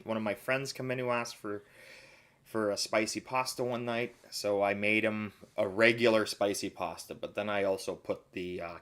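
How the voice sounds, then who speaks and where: Middle-aged man, lowish voice, casual live-stream chef telling anecdotes. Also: fairly bright tone. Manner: rambling storyteller, acts out quoted voices.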